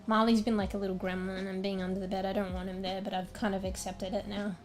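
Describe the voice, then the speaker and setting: A woman's voice: medium pitch, flat delivery, fast talker, soft background music. Rambling young Australian woman streamer. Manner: rambling, filler-heavy, chatty. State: slightly losing her voice, clearing her throat. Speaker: livestreamer. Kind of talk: casual chat with stream viewers. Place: small room at home.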